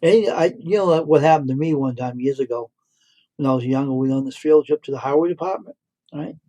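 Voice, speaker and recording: A man's voice: a little high, brisk, mellow, poor audio. A middle-aged man hosting a livestream, telling rambling stories and repeating himself. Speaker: livestream host. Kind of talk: casual storytelling.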